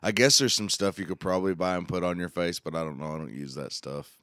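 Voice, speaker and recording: Man, very low smooth voice, playful guest with a crude sense of humor. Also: fast, pushed and bright, no room sound, clean studio sound. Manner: jokey, laughs a lot, swears freely. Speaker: podcast guest. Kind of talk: casual comedic chat.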